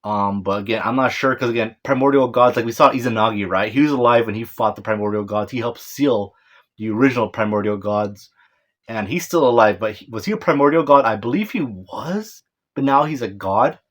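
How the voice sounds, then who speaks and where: Speaking briskly in a mid-range voice, this male manga reviewer rambles casually through a chapter recap. Names trip him up, so he keeps correcting himself and laughing off his apologies.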